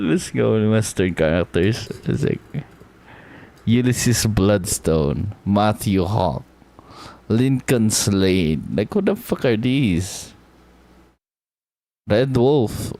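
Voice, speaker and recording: A male streamer with a low voice who talks at an unhurried pace. He chats casually while thinking out loud, swears freely and leans on "like" between thoughts. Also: lively intonation. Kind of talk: casual live-stream chat.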